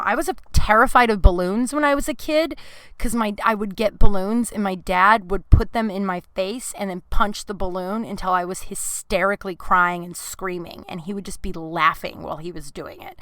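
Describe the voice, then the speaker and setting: A woman hosts her own podcast and talks through a personal story, her voice teary at times. She is bright and crisp, and her speech is full of "like" fillers. The sound is close and dry, recorded in a closet. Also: mid-range voice, moderate pace, no echo. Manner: emotional, tearful, many "like" fillers. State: crying at times. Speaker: podcast host. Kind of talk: personal confessional monologue. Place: closet at home.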